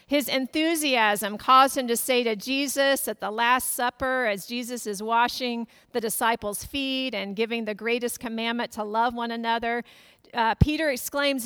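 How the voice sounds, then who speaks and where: A woman's voice: a little high, steady tone, unhurried, a bit bright, smooth, dry recording. A middle-aged woman pastor giving a sermon in a storytelling manner, acting out the voices in the stories she tells. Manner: storytelling, acts out quoted voices.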